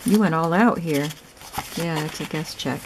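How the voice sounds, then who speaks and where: Woman, low voice, soft chatty admiring tone, casual craft narration, noisy background. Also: normal speed. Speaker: craft vlogger showing a gifted journal. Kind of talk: casual show-and-tell narration.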